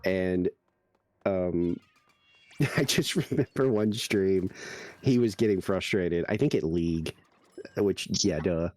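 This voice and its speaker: A man's voice: sits low, slow pace, pauses often, darkish tone, no echo, faint music behind. A man streaming a game, chatting casually and telling rambling anecdotes full of fillers. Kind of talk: casual chat while gaming.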